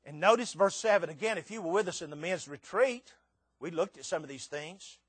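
A man preaching a sermon, swinging between loud emphatic lines and hushed, tender ones. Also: high voice, expressive, fairly quick, husky, no room sound. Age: 60s.

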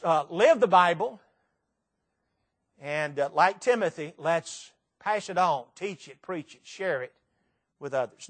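A man with a Tennessee accent preaching a sermon to a church congregation, animated and full of rhetorical questions. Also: sits high.

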